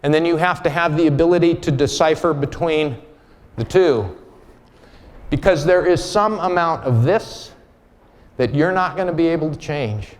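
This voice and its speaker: Man, keynote speaker, slightly high voice, candid storyteller, long hall echo. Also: normal speed. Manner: candid, storytelling, blunt asides. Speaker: conference speaker. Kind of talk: keynote speech with personal story. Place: large conference hall.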